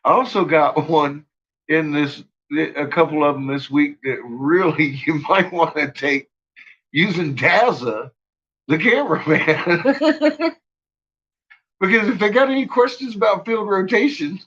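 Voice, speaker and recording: Husky, forceful man ranting on a stream. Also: a little slow, muffled recording. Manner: profane, laughs often between lines; swings from low mutters to loud shouting. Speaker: livestream host. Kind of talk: casual livestream rant.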